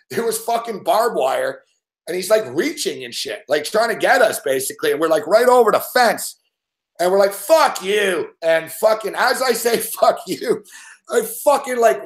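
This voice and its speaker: A man's voice: high voice, moderate pace, echoey room. A man telling rowdy stories in a casual chat, swearing constantly and laughing as he goes. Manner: profane, animated storyteller who laughs often. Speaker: show host.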